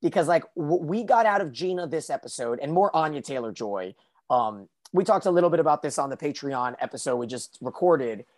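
A man's voice: on the high side, expressive, fairly quick. Rambling man recapping a TV episode. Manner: rambling, many restarts and fillers. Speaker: podcast co-host. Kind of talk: casual TV recap chat.

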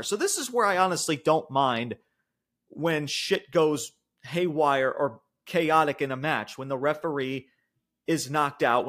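A man recapping a wrestling match in a casual, excitable way, swearing freely and tripping over his words. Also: a little high. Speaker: wrestling show reviewer.

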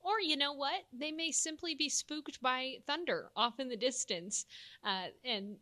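A woman's voice: sits high, unhurried, pushed and bright. A woman from Texas with a Texan accent, co-hosting a casual, folksy chat about weather myths and laughing easily.

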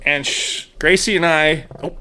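A man's voice: on the high side, steady tone, a little slow, pushed and bright. A man in his thirties telling a funny story in casual chat, swearing freely and acting out the voices of the people in it. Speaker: podcast co-host telling a story.

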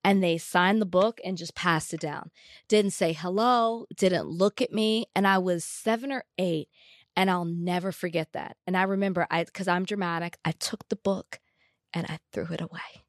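A woman's voice: fairly low pitch, moderate pace, dry recording, clean studio sound. A woman co-hosting a casual talk show, telling a personal story in an earnest, emphatic way. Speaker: co-host. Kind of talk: casual chat.

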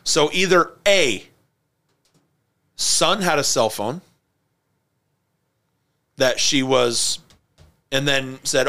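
Podcast guy, bright crisp voice, spinning a story and laughing a lot. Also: mid-range voice, extremely slow, long pauses. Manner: storytelling, animated, laughs often. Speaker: podcast host. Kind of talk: casual chat.

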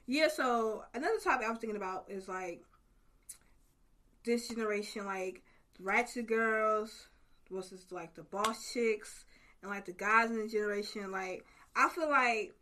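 A woman's voice: mid-range voice, measured pace, pushed and bright. A young woman chatting as a guest on a casual podcast, laughing often and swearing freely in loose slang.

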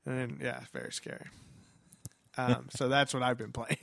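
A man's voice: mid-range voice, lively intonation, moderate pace, creaky, a bit bright. Laughing, swearing man on a podcast. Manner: laughs often, swears, acts out scared reactions. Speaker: podcast co-host. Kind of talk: casual chat.

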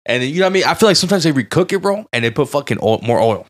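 A man's voice: fairly high pitch, sing-song, rapid-fire, no room sound, studio quality. A young man from Southern California on a podcast, telling crude stories full of swearing and "bro". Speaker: podcast co-host. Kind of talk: casual podcast chat.

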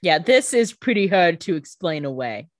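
A woman's voice: fairly low pitch, sing-song, moderate pace, dry recording, clean studio sound. A woman co-hosting a casual chat, chiming in with quips and mock quotes. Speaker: podcast co-host.

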